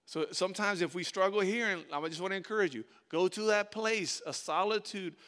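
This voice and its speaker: A man's voice: high-pitched, a little fast, sharp tone. A male pastor preaching a sermon in an informal, conversational way, repeating words for emphasis.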